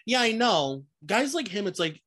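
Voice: medium pitch, big pitch swings, normal speed, fairly bright tone. A podcast co-host chatting casually, reading gossip items and laughing often. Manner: laughs often, loose and joking, swears casually.

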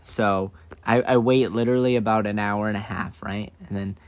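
A man's voice: moderate pace, no echo. A man co-hosting a podcast, telling a childhood story in casual chat and acting out the other people in it. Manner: animated, acts out quoted voices with big pitch jumps. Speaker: podcast co-host.

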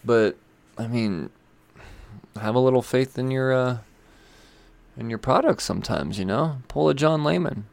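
A man's voice: medium pitch, unhurried, vocal fry, pauses often, darkish tone, dry recording. A man talking casually about comic books, rambling and chatty, with lots of fillers and some swearing. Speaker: comic book reviewer. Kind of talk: casual chat.

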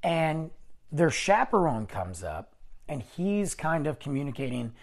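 A man's voice: on the high side, unhurried. A man casually telling a rambling story on his vlog, correcting himself as he goes and acting out what people said. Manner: animated, rambling, self-correcting, acts out quoted dialogue.

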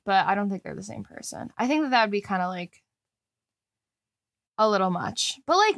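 A woman's voice: mid-range voice, a bit bright, no echo, clean studio sound. Candid woman swearing in casual chat. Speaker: podcast co-host.

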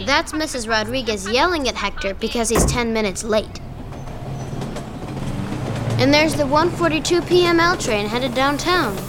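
A woman's voice: high-pitched, lively intonation, moderate pace, long pauses. A woman voicing a curious, brave eleven-year-old girl detective who talks eagerly to her cat. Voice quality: bright, eager narrating. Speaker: voice actor. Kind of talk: audio drama acting. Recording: background ambience noise.

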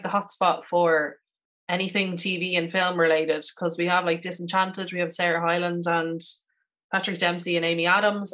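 A woman co-hosting a podcast, with a voice on the lower side. She tells celebrity gossip in an animated way, leaning on "like" as she goes. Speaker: podcast co-host. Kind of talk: casual chat.

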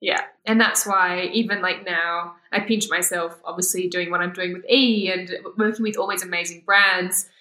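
A woman's voice: on the low side, fairly even intonation, moderate pace, hardly any pauses, pushed and bright, echoey room. A woman, a guest talking candidly in a casual interview and laughing often. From Australia. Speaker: guest, former pageant winner.

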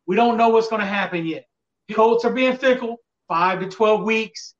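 A man's voice: sits high, moderate pace, recorded from a distance, lo-fi sound. A man co-hosting a casual sports talk show, rambling and exasperated about his team's fans. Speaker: podcast co-host.

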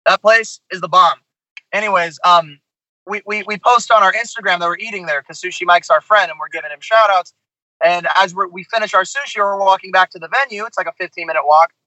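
Bright, high-voiced man telling a tour story. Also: a little fast, dry recording, dull audio. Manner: animated, tells stories with lots of asides. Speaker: touring musician guest. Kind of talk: casual storytelling on a podcast.

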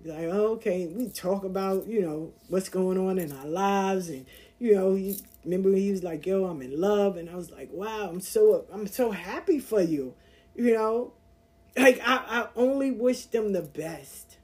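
Animated woman telling a personal story. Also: medium pitch, moderate pace. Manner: animated, acts out voices in her anecdotes. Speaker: podcast host. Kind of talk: casual storytelling monologue.

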